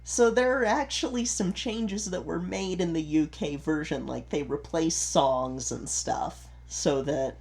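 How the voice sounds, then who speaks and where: A man talking through theatre trivia in a relaxed, explanatory podcast chat. He rambles a little, backs up to restart his sentences, and fills pauses with ums. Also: on the high side, gravelly. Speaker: podcast co-host, theatre performer. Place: home recording setup in Utah.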